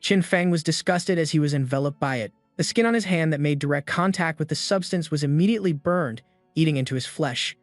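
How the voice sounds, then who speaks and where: A man's voice: on the high side, brisk, dry recording. A man steadily reading a scripted story recap. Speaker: narrator. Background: faint background music.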